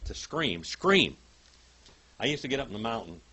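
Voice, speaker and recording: An older man teaches a Bible class, telling stories dramatically and reading Greek aloud word by word. His storytelling is emphatic, with big swings in loudness, and his mid-range voice is husky, expressive, and racing.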